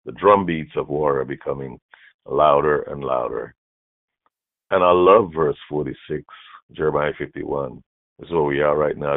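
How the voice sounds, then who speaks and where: A man preaching a sermon as bishop, emphatic, repeating key phrases and swinging from hushed to loud. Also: a bass voice, normal speed, no echo. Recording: dry, phone-like narrow sound.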